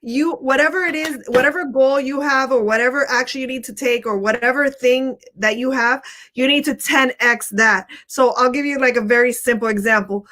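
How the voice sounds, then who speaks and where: A woman's voice: sits high, moderate pace, a bit bright. A woman hosting a casual livestream. She talks chattily and laughs at herself often. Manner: giggly, chatty, self-conscious. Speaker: host.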